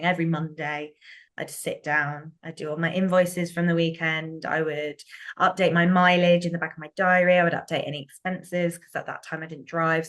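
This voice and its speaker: Chatty woman with a low voice. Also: a bit bright. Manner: chatty, laughs often, many fillers and restarts. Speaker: guest, business owner. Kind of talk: casual interview chat.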